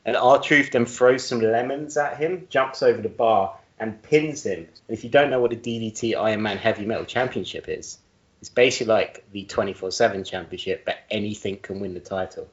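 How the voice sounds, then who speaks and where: A man's voice: on the low side, fairly quick. A man co-hosting a podcast in casual chat, joking and laughing at his own jokes. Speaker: podcast co-host. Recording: roomy, dull-sounding audio.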